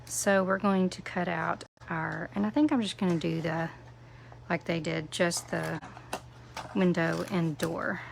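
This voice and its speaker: Gravelly, slow-talking craft demonstrator woman. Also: on the low side, fairly even intonation, slight background noise. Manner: chatty, answers viewer comments by name; self-deprecating, playful asides. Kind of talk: live-streamed craft tutorial.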